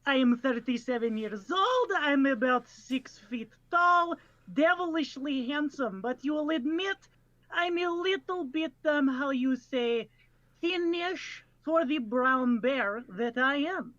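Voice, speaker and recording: A man's voice: very high-pitched, animated, slow, pushed and bright, no echo, lo-fi sound, full character voice. A man voicing a lanky male brown bear professor who talks in a mock Russian accent and snaps curt retorts. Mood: blustering.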